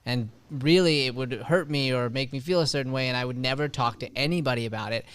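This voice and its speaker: Male co-host; open, sincere, reflective delivery with a smooth voice. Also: medium pitch, fast talker, a bit bright, no room sound. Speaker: podcast co-host. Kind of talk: casual podcast discussion.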